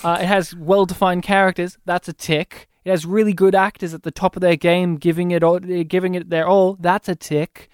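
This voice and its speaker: A man's voice: high voice, flat delivery, moderate pace, few pauses, clear, resonant tone, no echo, studio quality. A man hosting a casual movie review chat, enthusiastic and rambling. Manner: enthusiastic, rambling, quotes lines in funny voices. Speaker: podcast host.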